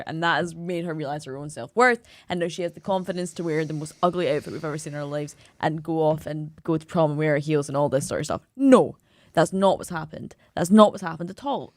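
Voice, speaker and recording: A woman with a Scottish accent co-hosting a podcast, ranting forcefully about a film with dry humour. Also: sits low, no echo. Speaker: podcast co-host. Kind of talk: casual chat.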